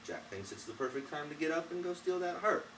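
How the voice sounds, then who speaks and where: A man's voice: a little high, very animated, fairly quick, a bit bright, recorded from a distance, slight background noise. A man in his twenties casually and animatedly retelling a folk tale, chatty in tone. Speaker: storyteller. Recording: roomy, off-mic, faint ambience.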